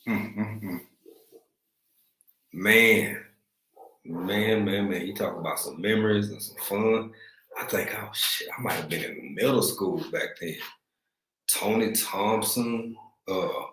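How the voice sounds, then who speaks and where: In a low, unhurried voice, a Texan-accented man from East Texas runs a relaxed livestream, greeting people in the chat in an easygoing, slangy way. Echo from the room comes through, and he's broadcasting from a room at home in Africa.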